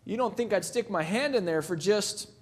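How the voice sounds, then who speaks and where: A man voicing a sly country bumpkin with a slow, smug drawl, in a live talk. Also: high-pitched, lively intonation.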